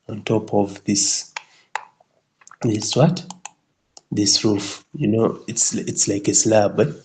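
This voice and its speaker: A man's voice: on the low side, poor audio. A male instructor explaining a building design tutorial, often checking with the listener and restarting phrases. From Kenya.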